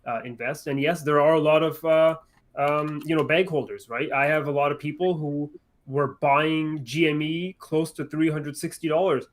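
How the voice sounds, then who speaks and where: Man, higher-pitched voice, casual trading talk, lots of "right?" and "you know". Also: level tone, moderate pace. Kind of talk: casual chat.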